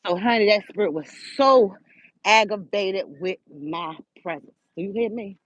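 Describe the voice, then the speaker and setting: An older woman hosting a show, telling a spiritual story in an animated, preachy way and speaking right to her listeners. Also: medium pitch, normal speed, no room sound. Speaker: host. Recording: dull lo-fi audio.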